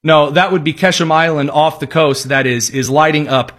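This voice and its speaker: A man's voice: a little high, normal speed, fairly bright tone. A man hosting a political commentary show, delivering the news with wry, sarcastic, mock-folksy asides. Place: studio, also aired on radio.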